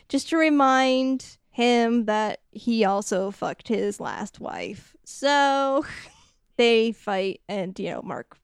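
Woman podcast co-host, chatty recapper, smooth and slightly high, dry close sound. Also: no echo. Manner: animated retelling with quick mock character voices. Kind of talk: casual movie recap chat.

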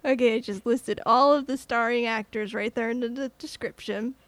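A woman's voice: on the high side, steady tone, moderate pace, no room sound. A young woman co-hosting a podcast in casual chat, giggling often and stumbling over restarts. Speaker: podcast co-host.

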